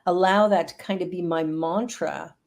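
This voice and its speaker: A woman's voice: lowish voice, fairly even intonation, moderate pace, vocal fry, a little hiss or hum. A middle-aged woman talking in an earnest, upbeat way during a casual video-call chat. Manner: earnest, upbeat, speaks of prayer and affirmations.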